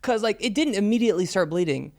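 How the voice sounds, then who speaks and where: A man in his thirties, a podcast co-host in casual chat, telling a story with lively acted-out sounds. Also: high voice, fast talker. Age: 30s. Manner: animated storyteller, acts out voices and screams.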